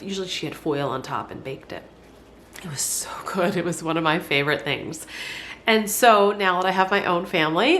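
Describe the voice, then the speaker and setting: A homesteading vlogger with a lowish, somewhat bright voice chats folksily with viewers while cooking in her home kitchen. She sounds congested and stuffy in this casual cooking demonstration, and the recording carries a little hiss or hum.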